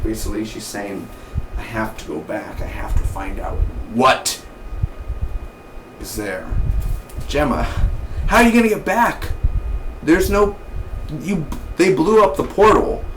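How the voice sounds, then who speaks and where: Excitable male TV reviewer, slangy and loose, mid-pitched voice, roomy distant sound. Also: a little hiss or hum. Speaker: TV show reviewer. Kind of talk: casual episode review. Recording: roomy, distant mic, faint ambience.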